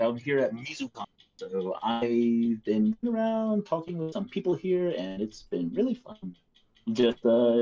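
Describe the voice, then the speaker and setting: A man co-hosting a casual livestream, talking in a relaxed, chatty way. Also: mid-range voice, highs cut off. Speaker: show co-host.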